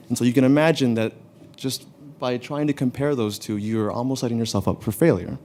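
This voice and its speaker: A man's voice: medium pitch, a little mellow. Young man presenting his research. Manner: earnest explanatory, with fillers. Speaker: graduate student presenter. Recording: faint background noise of a room.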